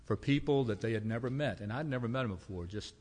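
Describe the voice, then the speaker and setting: A man preaching in a church, telling homespun stories with gentle humor. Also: medium pitch, fast, husky, big-room sound. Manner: folksy storytelling with humor. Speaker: pastor. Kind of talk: sermon. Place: church sanctuary.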